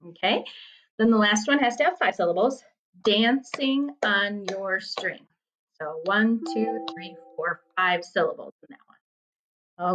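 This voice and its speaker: A woman teacher giving a video lesson, patiently explaining and reading short poems slowly and expressively. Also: medium pitch, a bit bright, lo-fi sound. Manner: patient, encouraging, reads poem lines slowly and expressively. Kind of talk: reading picture book aloud in a video lesson.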